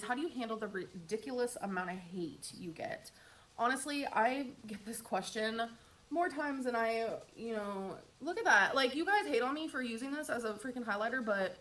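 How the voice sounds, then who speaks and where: A woman's voice: a little high, a bit bright, slight background noise. A woman chatting through her makeup routine in a get-ready-with-me vlog, upbeat and talkative, with wry sarcastic asides. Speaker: beauty vlogger.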